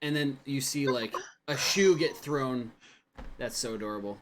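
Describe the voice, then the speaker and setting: A man's voice: mid-range voice, measured pace, heavy background noise. A man running a tabletop game as game master, describing scenes loosely with lots of fillers. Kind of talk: casual tabletop game narration.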